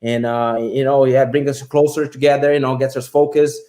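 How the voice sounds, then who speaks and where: A man's voice: mid-range voice, fairly even intonation, normal speed, mellow. A man chatting as an interview guest, easygoing, with loose phrasing and many fillers. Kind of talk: casual interview chat.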